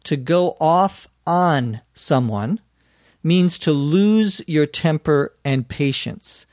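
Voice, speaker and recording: A man hosting an English lesson who explains phrases in a slow, careful, deliberate way. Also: a little high, dry recording, clean studio sound. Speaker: English teacher host.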